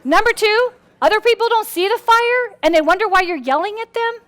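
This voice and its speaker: Animated, very high-pitched woman speaker. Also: fairly quick. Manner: animated, acts out quotes with big pitch swings. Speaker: speaker on personality styles. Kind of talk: lively workshop talk to a live audience.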